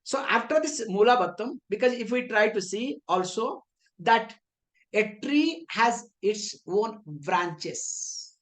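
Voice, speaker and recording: Speaking slowly and with animation in a voice that's a little high, a woman spiritual teacher lectures on scripture in English. She leans on rhetorical questions she answers herself, along with playful, teasing asides.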